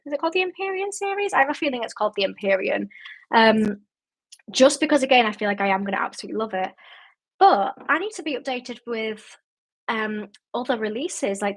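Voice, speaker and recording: A young woman with a Yorkshire accent hosts a casual book-chat livestream, reading out viewer comments and answering them in a relaxed, rambling way, with a lot of "like" and "um". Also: a little high. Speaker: booktube host.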